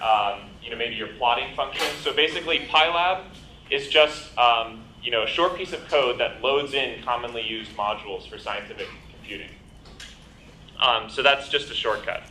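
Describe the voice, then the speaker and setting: A man's voice: medium pitch, moderate pace, sharp tone. A man teaching a programming class live, working through examples and filling his talk with ums and you-knows. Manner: explains with many ums and you-knows, asks "right?". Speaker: bootcamp instructor. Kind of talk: live lecture with coding demo. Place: lecture hall. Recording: echoey lecture room with faint noise.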